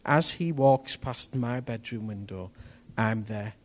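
A man preaching a testimony sermon, telling his story in an animated way that rises to near-shouts at the tense moments. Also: medium pitch, takes it slowly.

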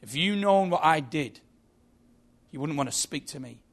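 A man voicing a remorseful drunk driver in a police cell, pleading and guilt-stricken, with a gravelly voice. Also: fairly high pitch, expressive, normal speed. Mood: anguished.

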